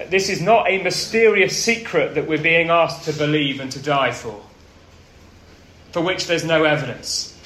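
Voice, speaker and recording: A man preaching a sermon, earnest and storytelling, often dropping his voice low and soft for emphasis. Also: a little hiss or hum. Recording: roomy with faint ambience.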